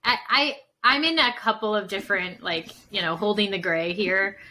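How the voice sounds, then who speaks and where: A woman's voice: medium pitch, normal speed, bright, forceful tone, slight background noise, rough recording. A woman psychotherapist talking casually as a podcast guest, full of fillers and acting out examples as she explains. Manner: chatty, many fillers, acts out examples.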